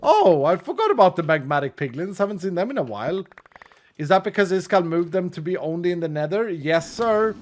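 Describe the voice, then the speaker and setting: A man's voice: high-pitched, sing-song, a little fast. A man streaming a game, chatting casually and rambling, often laughing. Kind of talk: casual gaming commentary.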